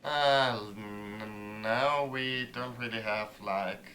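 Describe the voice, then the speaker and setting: Young man, game streamer, bright sharp tone, swears a lot, halting thinking-aloud asides. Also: lowish voice, soft background music. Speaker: streamer playing a story game. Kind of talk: casual live gaming commentary.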